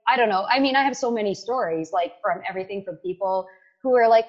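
A woman's voice: medium pitch, quick pace, highs cut off. A woman in her forties from Canada, a tech executive talking energetically in a casual interview as a guest and often asking "right?". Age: 40s. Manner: energetic, lively, frequent "like" and "right?".

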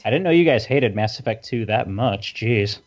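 A man's voice: fairly low pitch, expressive, moderate pace, dull audio, a little hiss or hum. A man co-hosting a casual game podcast, stammering and playfully arguing his picks. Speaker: podcast co-host. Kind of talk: casual panel discussion.

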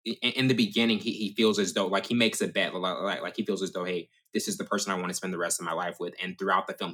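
A man's voice: low voice, pushed and bright. A man hosting a casual film discussion, often stammering and restarting as he asks questions. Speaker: podcast host.

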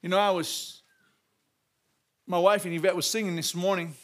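Pastor, male, very high voice; exuberant call-and-response sermon, frequent laughs and shouts. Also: steady tone, moderate pace. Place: church.

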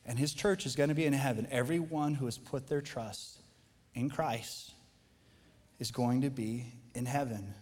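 A man preaching a sermon as pastor, talking in a conversational, animated way that builds to impassioned emphasis. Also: medium pitch, measured pace, in a large hall. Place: church auditorium.

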